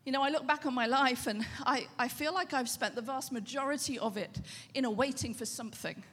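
A woman pastor preaching a sermon in a conversational, animated way, often asking the audience questions. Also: sits high, fairly quick, slightly rough, big-room sound.

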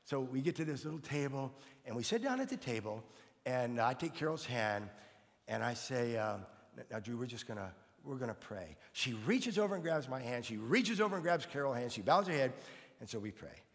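A man's voice: medium pitch, sing-song, normal speed, long reverb tail. An older man, a pastor, telling a personal story in an earnest, conversational way. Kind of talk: storytelling sermon.

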